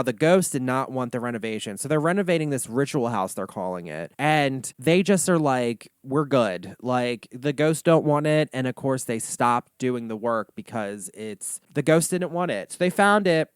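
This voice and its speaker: A man's voice: medium pitch, clear, resonant tone, no room sound, studio quality. A man hosting a comedy reaction monologue, ranting sassily and swearing often. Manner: sassy, animated ranting with frequent swearing. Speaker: host.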